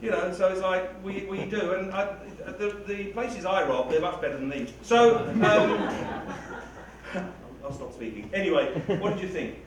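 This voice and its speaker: A man's voice: high-pitched, unhurried, a crowd in the background. A man talking casually to a live audience, rambling and self-deprecating. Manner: rambling, self-deprecating, chatty with frequent laughs. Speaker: writer or reader speaking to a live audience. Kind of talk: casual talk-back with an audience. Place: hall with an audience. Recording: echoey hall recording from far off, noisy.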